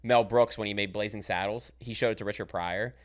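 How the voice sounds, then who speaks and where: A man's voice: fairly low pitch, steady tone, fairly quick. A man hosting a podcast in casual chat, rambling and swearing freely as he tells stories. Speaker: podcast host.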